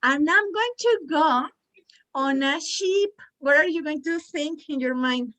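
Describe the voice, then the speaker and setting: Woman ESL teacher, Spanish native speaker; bright, higher voice; animated, demonstrative delivery. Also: measured pace. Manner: animated, exaggerated sounds to demonstrate. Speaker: English pronunciation teacher. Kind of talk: online class teaching.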